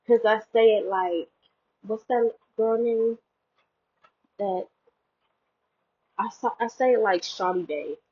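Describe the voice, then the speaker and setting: A woman's voice: slow, long pauses. A young woman vlogging in a rambling, jokey way, full of fillers and self-mocking asides, recorded on a headphone mic. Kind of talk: casual chat. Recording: tinny low-quality headphone mic.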